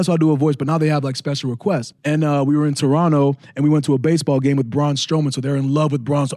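A man in his thirties co-hosting a casual chat, telling animated stories and laughing often. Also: on the high side, fast, few pauses, no echo, studio quality. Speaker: podcast co-host.

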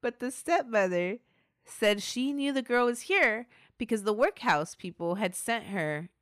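A woman's voice: on the high side, animated, a little slow, a bit bright, no room sound, clean studio sound. A woman hosting a podcast, narrating a true-crime story in a chatty way with asides. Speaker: podcast host.

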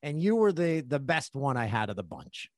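A man's voice: medium pitch, very animated, normal speed, dry recording, studio quality. A man hosting a podcast, a joking, rambling storyteller in casual chat. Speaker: podcast host.

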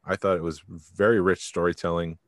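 Deep-voiced man in casual chat. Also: little pitch movement, brisk, no echo. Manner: rambling, trails off mid-thought. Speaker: podcast co-host.

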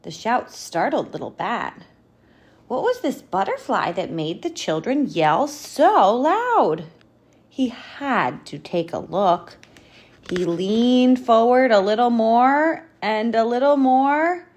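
Slow breathy woman reading a storybook. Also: fairly high pitch. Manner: expressive, animated storytelling. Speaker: storybook reader. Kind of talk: reading a picture book aloud.

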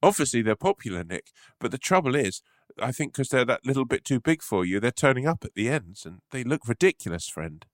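A man's voice: mid-range voice, very animated, fairly quick, no echo, studio quality, natural voice. Man putting on a prim nervous bloke. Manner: overly prim, wholesome and formal. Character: awkward man breaking bad news to a friend. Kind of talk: comedic improvised role-play.

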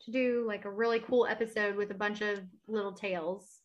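A woman's voice: mid-range voice, fairly even intonation, brisk, dull audio. A woman co-hosting a true crime podcast, telling the story in casual chat with frequent laughs and trailing off. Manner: giggly, chatty, trailing off. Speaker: podcast co-host.

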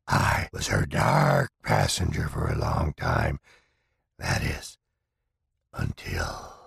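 Deep whispering shadow entity. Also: male voice, big pitch swings, a bit bright, no room sound, clean studio sound, exaggerated voice. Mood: ominous. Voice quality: deep, breathy half-whisper. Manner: slow, ominous. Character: menacing shadowy male entity, tall, red-eyed. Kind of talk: dramatic storytelling narration.

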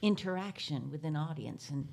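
A woman with a fairly low voice interviewing a guest. She is thoughtful and unhurried, often pausing to find the right words. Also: animated, creaky, darkish tone. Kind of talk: conversational interview.

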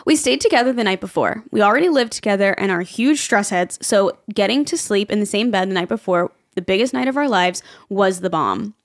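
Lively swearing woman podcast host. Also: mid-range voice, a little fast, few pauses, no room sound. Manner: swears freely, laughs often, animated. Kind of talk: casual chat, reading listener emails.

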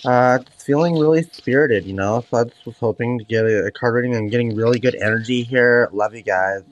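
A man calling in, asking softly and earnestly for a tarot reading. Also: medium pitch, a little fast, rough recording. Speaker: caller. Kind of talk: casual call-in request.

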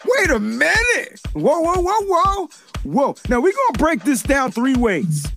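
A man hosting a laid-back sports talk show, his voice pitched high and swinging up and down all the time. He jokes around, talks in loose slang and keeps things animated. Faint music sits under him. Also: measured pace, vocal fry. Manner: animated, joking, heavy slang. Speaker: podcast host. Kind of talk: casual sports chat.

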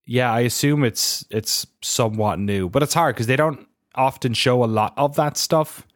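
A man's voice: mid-range voice, normal speed, no echo, clean studio sound. A man with an Irish accent hosting a casual podcast chat, rambling and correcting himself as he explains things. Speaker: podcast host.

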